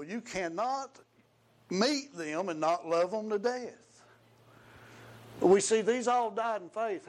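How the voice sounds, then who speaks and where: A man preaching a folksy sermon, quoting scripture and breaking into praise. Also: high-pitched.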